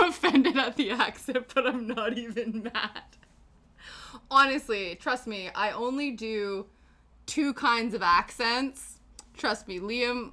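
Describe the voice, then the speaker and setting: Female streamer, casual chatter, unhurried delivery, self-deprecating humor. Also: mid-range voice, bright, forceful tone. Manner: chatty, self-mocking, giggly. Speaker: livestream host. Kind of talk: casual livestream chat while crafting.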